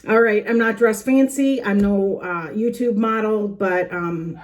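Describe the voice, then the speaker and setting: Middle-aged woman host, earnest and chatty, mid-pitched, talking to camera at home. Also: unhurried, a little hiss or hum. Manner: earnest, chatty, with small laughs and restarts. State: a little out of breath. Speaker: journaling channel host. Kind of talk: casual heartfelt talk to camera. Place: home planner room. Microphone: camera facing her.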